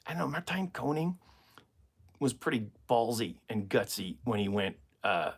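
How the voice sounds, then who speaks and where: A man's voice: mid-range voice, sing-song, normal speed, breathy edge. An American man, a comedian, answering viewer questions in a casual, rambling live stream and laughing at his own jokes. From United States.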